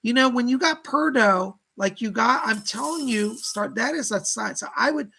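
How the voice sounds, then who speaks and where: Male psychic host, casual live reader, gravelly and husky tone, chatty with viewers. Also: very high voice, moderate pace, sharp tone, low-quality recording. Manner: chatty, reads out viewer comments, laughs often. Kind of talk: casual live-stream reading.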